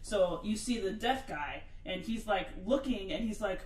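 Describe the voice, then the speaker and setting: Animated swearing guy telling a story. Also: high voice, moderate pace, roomy sound, recorded from a distance, rough recording. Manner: animated storytelling, heavy swearing, acts out quotes. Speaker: podcast co-host. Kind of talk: casual chat.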